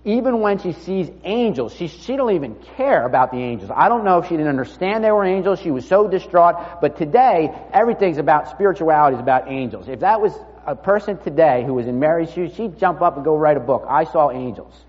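Male preacher, mid-pitched, conversational storytelling sermon, long hall reverb, dull lo-fi sound. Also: expressive, brisk, few pauses. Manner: conversational storytelling, drops to near-murmur.

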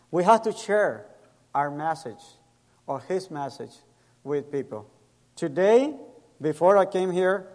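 A middle-aged pastor from El Salvador preaches a sermon with personal stories in an echoey hall, his male voice high and a little mellow. He tells stories, acts out quoted voices and uses non-native grammar.

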